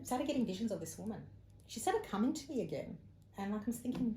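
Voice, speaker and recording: An Australian psychic medium, a guest on an interview, tells a personal story in casual conversation with a medium-pitched, fast voice. She's an animated storyteller who acts out the people she quotes, and the room sounds echoey with faint ambient noise.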